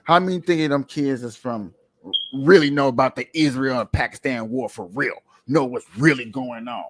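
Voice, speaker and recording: On a livestream, a man keeps up loose, lively commentary, throwing out the same rhetorical questions again and again in thick slang. His voice is mid-range and his speed is normal, with a faint hiss or hum underneath.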